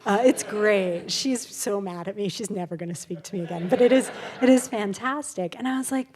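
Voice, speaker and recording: A woman's voice: mid-range voice, normal speed, few pauses. Chatty woman telling stories on stage. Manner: animated, chatty, full of fillers and laughs. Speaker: author guest at a public talk. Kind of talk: casual live storytelling. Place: live event before an audience.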